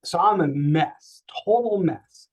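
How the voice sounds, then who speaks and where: A man telling a personal story as a podcast guest, lively and acting out the people he quotes. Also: sits high, slow pace, lo-fi sound. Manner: animated, acting out quoted voices.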